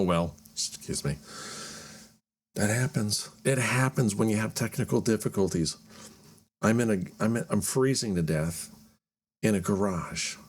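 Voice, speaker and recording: A man hosting his own show, talking casually and rambling in a chatty, self-deprecating way from a cold home garage. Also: on the low side. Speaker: podcast host. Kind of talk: casual solo talk.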